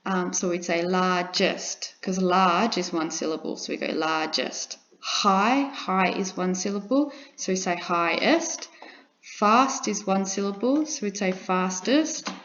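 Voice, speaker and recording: A woman's voice: medium pitch, measured pace, a bit bright. A woman teaching an English grammar lesson, patiently repeating examples and checking in with her students. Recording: dull lo-fi recording.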